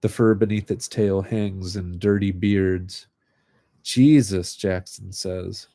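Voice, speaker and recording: Low, dark-voiced man reading stories aloud. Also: no room sound. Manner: calm, unhurried reading with casual filler-heavy asides. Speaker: reader of short fiction. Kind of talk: live reading of literary fiction.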